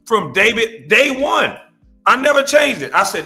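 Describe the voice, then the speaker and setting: A man's voice: high voice, very animated, unhurried, bright, forceful tone, soft background music. A man hosting a reaction show, ranting bluntly and profanely, mocking his target. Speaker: host. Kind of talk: reaction commentary rant.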